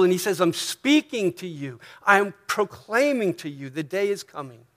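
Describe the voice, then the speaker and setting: American male pastor, high voice, conversational sermon with soft asides and emphatic swells. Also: expressive, normal speed, few pauses. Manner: conversational preaching, frequent "right?" checks.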